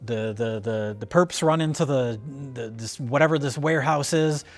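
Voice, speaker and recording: A man's voice: mid-range voice, normal speed. A man co-hosting a casual film review, recapping the plot with laughs. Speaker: co-host.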